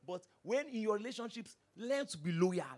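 Pastor mid-sermon; very animated, questioning, drops low then erupts. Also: moderate pace. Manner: preachy, rhetorical questions, swings from hushed to shouting.

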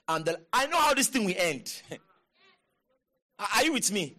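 A man's voice: high voice, very animated, moderate pace, pauses often, bright, forceful tone. A man preaching a sermon, reading scripture aloud and breaking off into emphatic exclamations and call-and-response with the congregation. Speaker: pastor.

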